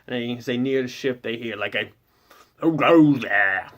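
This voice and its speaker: A man's voice: mid-range voice, fairly even intonation, brisk, a bit bright. Give me a man casually recapping a tabletop campaign as game master, rambling and full of fillers. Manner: rambling, heavy with fillers like "kind of".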